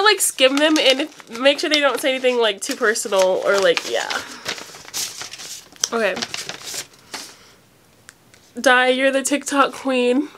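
A woman's voice: a little high, background noise. A young woman vlogging casually on her phone, rambling with lots of fillers and sounding emotional and close to tears. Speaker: vlogger opening fan mail. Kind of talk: casual unedited phone vlog.

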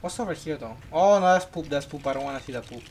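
An excitable gamer chatters through casual gameplay commentary, teasing a friend in a playful, mid-pitched voice. A faint hiss sits under the recording. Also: fast talker.

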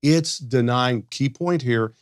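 A man speaking as a counselor on a podcast discussion, animated, often acting out the voices of the people he quotes. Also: mid-range voice, takes it slowly, clean tone, dry recording, studio quality.

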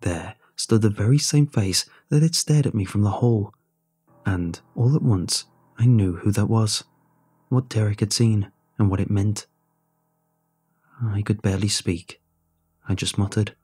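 A man reads a first-person horror story in a tense, scripted delivery. His voice is low, dark and husky. Faint music plays behind him. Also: unhurried, pauses often. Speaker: narrator.

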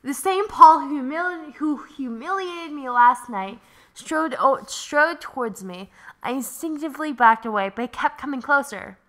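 Bright, high-voiced young woman. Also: moderate pace. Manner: animated, laughing, swearing, playful voice acting. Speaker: let's play host. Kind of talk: reading a visual novel aloud with joking asides.

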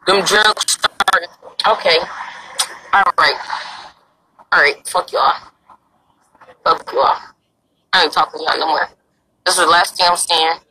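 A woman's voice: fairly low pitch, measured pace, long pauses, pushed and bright, slight background noise, rough recording. A young woman livestreaming outdoors in a parking lot on her phone, talking in a brash, crude and pleading way. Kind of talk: casual live-stream chat.

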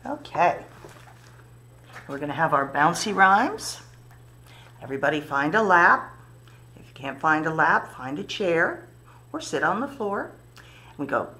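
A children's librarian, a woman, talks toddlers and parents through bouncy rhymes and scarf games in a library story room. Her voice sits low, and she takes her time, giving gentle, encouraging directions. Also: very animated, unhurried, long pauses.

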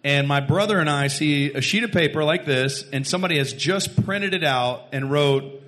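A man's voice: a little high, normal speed. A man with a Texan accent, a radio host, telling a funny story live to an audience and acting out the quotes. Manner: animated, acts out quotes, laughs often.

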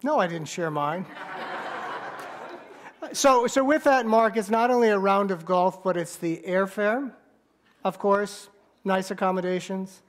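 In a church sanctuary, a male pastor with a high-sitting voice preaches a sermon. He banters with the congregation and tells a story marked by halting restarts.

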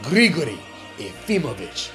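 A man's voice: wildly swooping pitch, normal speed, over loud music. A man putting on an exaggerated Russian accent to play a grand, theatrical male show announcer. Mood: grandiose. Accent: put-on Russian. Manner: grand, booming, theatrical delivery.

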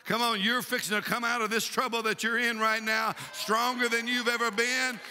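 A man preaching a fiery sermon, shouting and exhorting with repeated rallying calls. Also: extremely high pitch, little pitch movement, normal speed. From Texas. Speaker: pastor. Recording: reverberant church hall.

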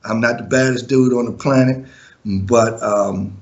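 A man's voice: medium pitch, fairly even intonation, a little slow, highs cut off. Man, former music manager, storytelling interview, blunt, cussing, chuckles.

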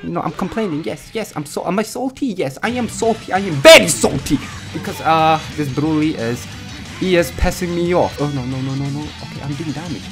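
A young man giving rambling, excitable commentary over his own gameplay as a gaming YouTuber, swinging between muttering and yelling. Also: fairly high pitch, brisk, soft background music.

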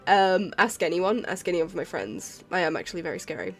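A woman's voice: on the low side, expressive, brisk. Woman, streamer, tired, rambling casual chat, self-deprecating, giggly, faint music behind. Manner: rambling, self-deprecating, apologetic, laughs often. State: tired and yawning. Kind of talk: casual chat while drawing.

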